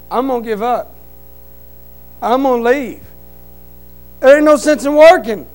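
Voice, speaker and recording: A man giving an emotional church testimony in plain, folksy speech, repeating his phrases and swinging between loud fervent cries and quiet, hushed stretches. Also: very high voice, clean tone, low-quality recording. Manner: fervent, rising to loud cries then dropping to a quiet hush.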